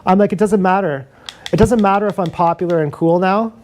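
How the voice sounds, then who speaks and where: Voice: medium pitch, fairly quick, darkish tone, a little hiss or hum. A live streamer talking in a rambling, profane, confessional monologue, recorded on an action camera mic.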